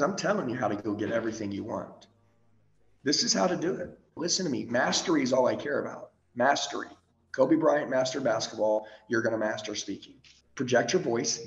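A man's voice: medium pitch, reverberant, highs cut off. Intense motivational speaking coach, man. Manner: intense, punchy, swings between yelling and slow quiet emphasis; repeats short commands, swears freely. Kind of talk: motivational training talk.

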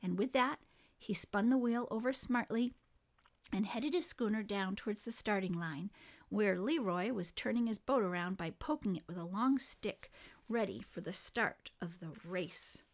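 A woman reading a children's book aloud in an expressive, lively storytelling manner. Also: mid-range voice, normal speed.

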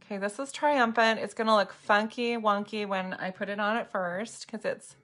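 Demonstrating eye makeup live from a home room lit by a ring light and a window, a woman chats casually and bubbly with her viewers, calling them by name. Her voice is medium in pitch and fairly bright, with fairly even intonation at a moderate pace.

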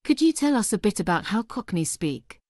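Woman, host, clear upbeat delivery, dry close sound. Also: mid-range voice, big pitch swings, moderate pace, a little mellow, dry recording. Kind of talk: scripted presenting.

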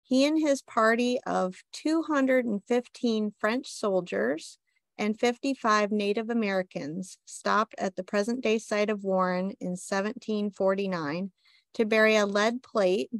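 Steady, informative woman presenting local history. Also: mid-range voice, a little slow, dry recording. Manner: steady, informative delivery with light self-deprecating asides. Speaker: library reference assistant.

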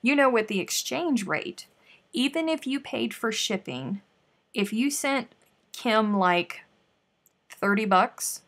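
Woman host, casual live-stream chat, gravelly and unhurried, exclaims and mutters while crocheting. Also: fairly high pitch, expressive, a bit bright. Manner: chatty, exclaiming, mutters to herself while working.

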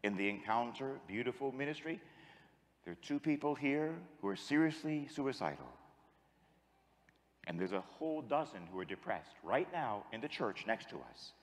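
A man's voice: medium pitch, sing-song, moderate pace, big-room sound. A man, a priest, preaching a sermon and telling a story, then leading the congregation in call-and-response. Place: large church with long echo.

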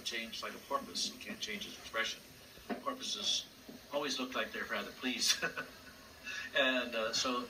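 A puppeteer telling stories in an interview, with a hesitant delivery full of fillers and acted-out voices. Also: male voice, lowish voice. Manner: hesitant, frequent fillers, acts out voices in anecdotes. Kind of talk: storytelling interview. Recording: distant mic with background noise.

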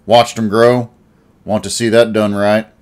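A man voicing a gruff old junkyard caretaker who talks bluntly and sneers. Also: on the low side, flat delivery, unhurried, a little mellow, lightly acted.

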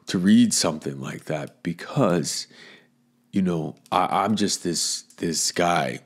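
A middle-aged man from Florida hosting his own podcast. He talks earnestly and emotionally, repeats phrases, and drops to a hush when he is moved. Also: sits low, slow pace. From Florida, USA. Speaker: podcast host and acting coach. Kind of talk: solo podcast monologue.

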